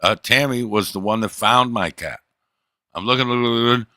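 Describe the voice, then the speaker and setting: A man's voice: mid-range voice, moderate pace, sharp tone, no echo. A man livestreaming, telling a long rambling story to his chat in loose, profane casual talk.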